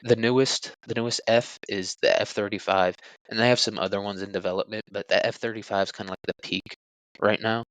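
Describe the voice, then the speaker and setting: A young man hosts a solo podcast, rambling crudely with jokes and plenty of filler words. His lowish voice holds a steady tone and a clean timbre, moving fairly quickly. The recording is rough but has no room sound.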